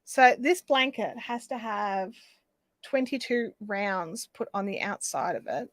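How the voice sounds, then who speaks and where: A woman's voice: medium pitch, expressive, takes it slowly, a bit bright, no echo. An Australian woman hosting a live craft stream, chatting casually and rambling as she reads out viewer comments.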